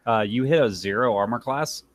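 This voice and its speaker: A man's voice: medium pitch, fairly quick, no room sound. A man playing in a tabletop game, chatting casually and joking with the game master. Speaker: player.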